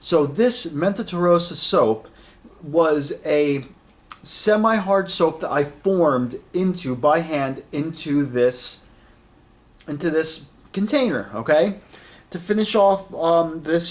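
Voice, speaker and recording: A man's voice: fairly high pitch, lively intonation, slow pace. A man in his late thirties giving a casual spoken product review, rambling, with many fillers and repeated words, friendly and enthusiastic. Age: 30s.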